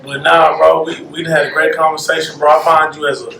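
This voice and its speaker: A man's voice: a little high, level tone, fast, vocal fry, sharp tone, slight background noise. A man hosting a podcast in casual, laid-back slangy chat, calling his guest bro all the time. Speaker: podcast host. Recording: roomy echo.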